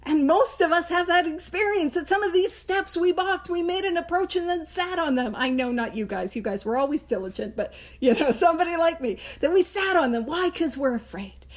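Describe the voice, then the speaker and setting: A woman hosting a recovery book study, explaining the reading in a casual, animated way and acting out little voices and jokes. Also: extremely high pitch, fairly quick, few pauses. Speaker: host of a Big Book study. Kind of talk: casual teaching talk.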